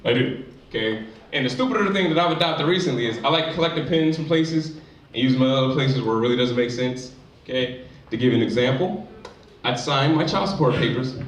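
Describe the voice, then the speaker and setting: A man's voice: on the high side, a bit bright. A man doing a stand-up comedy set in a live venue, talking in a loose, chatty way. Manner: loose, chatty delivery full of "you know what I'm saying". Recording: echoey live room, distant mic, crowd.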